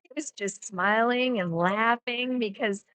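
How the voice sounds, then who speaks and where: A woman chatting casually as a guest co-commentator on a pool stream, telling relaxed stories. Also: fairly high pitch, unhurried, dry recording. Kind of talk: casual chat.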